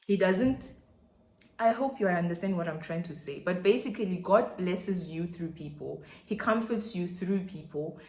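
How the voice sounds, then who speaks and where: Nigerian woman hosting a chatty faith podcast, gets excited, lowish voice, echoey room. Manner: excitable, chatty, addresses listeners as guys. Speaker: Christian podcast host. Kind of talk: casual faith talk.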